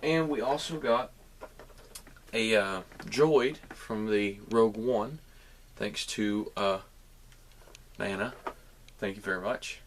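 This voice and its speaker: A man's voice: lowish voice, slow pace, pauses often, slight background noise. A young man with a Southern American accent chatting casually to viewers about his holiday toy haul, rambling and friendly. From Southern United States. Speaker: collectibles vlogger.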